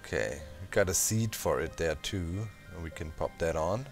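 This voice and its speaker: A man hosting a gameplay channel, chatting casually and thinking out loud as he plays, throwing in little sound effects. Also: sits low, lively intonation, normal speed, vocal fry, hardly any pauses, faint music behind. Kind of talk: casual let's-play commentary.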